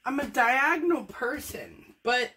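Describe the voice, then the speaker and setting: This woman painter's voice is high, expressive, pushed and bright, slightly rough, and a little slow. She demonstrates fluid art with joking, self-deprecating chatter, narrating each step as she goes.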